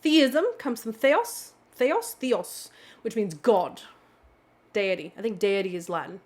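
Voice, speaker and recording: A woman hosting a casual vocabulary video, explaining words in a playful, animated way with little exclamations. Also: medium pitch, takes it slowly. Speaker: vocabulary channel host.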